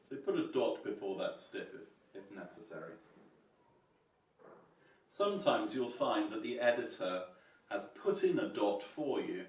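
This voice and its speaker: A man teaching psalm chanting in a measured, explanatory way, playing the piano as he goes. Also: lowish voice, very animated. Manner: measured and explanatory, often saying "yeah?"; plays piano while demonstrating. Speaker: choral music teacher. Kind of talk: music lesson on psalm chanting. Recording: echoey room, distant mic, piano.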